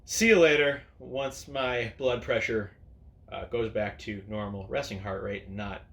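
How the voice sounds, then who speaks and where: A man's voice: lowish voice, unhurried, vocal fry, a bit bright. A man hosting an opinion video, ranting sarcastically and swearing freely at the camera. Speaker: video host. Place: indoors at a camera.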